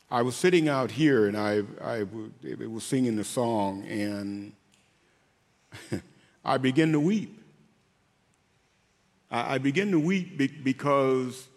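A man giving an emotional faith testimony as an interview guest, speaking haltingly and repeating words as he goes. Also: medium pitch, a bit bright, long reverb tail. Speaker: guest, former pro football player.

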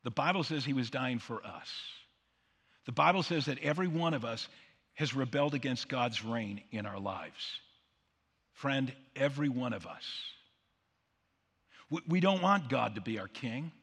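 A man's voice: mid-range voice, animated, moderate pace, pauses often, fairly bright tone, breathy edge, long reverb tail. A man preaching a sermon as pastor, emphatic and full of rhetorical questions, leading the congregation to repeat lines back.

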